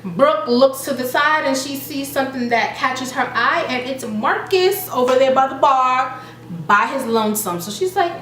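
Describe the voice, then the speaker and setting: Chatty woman recapping with animated quotes. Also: high-pitched, normal speed. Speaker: reality show reviewer. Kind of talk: casual recap vlog. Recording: echoey room with faint noise.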